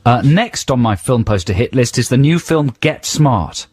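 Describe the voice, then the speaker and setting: A man hosting a radio show, chatting casually with dry, deadpan banter. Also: mid-range voice, normal speed, husky, dry recording. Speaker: radio host. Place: radio studio. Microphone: studio mic.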